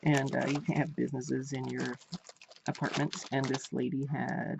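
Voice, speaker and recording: A woman's voice: rumbling low, level tone, moderate pace, vocal fry, background noise. A woman vlogger chatting casually while unboxing crafts, gushing and repeating her praise. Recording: dull lo-fi home recording.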